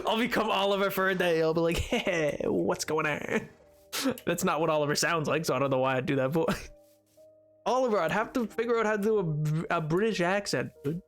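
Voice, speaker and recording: A man's voice: high voice, normal speed, pauses often, fairly bright tone, soft background music. A man live-streaming a game, chatting casually and playfully with his viewers, rambling and pleading in mock protest as he reacts to chat. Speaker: livestreamer. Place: home streaming setup. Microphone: desk microphone.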